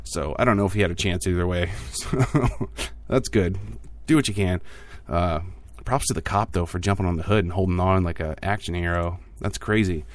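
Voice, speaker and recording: A man with a deep, low voice hosts a laid-back news podcast. He reads each story loosely, breaking off for sarcastic asides and plenty of ums and uhs. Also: normal speed. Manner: jokey, offhand asides with frequent fillers. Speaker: podcast host. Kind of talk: casual tech news podcast.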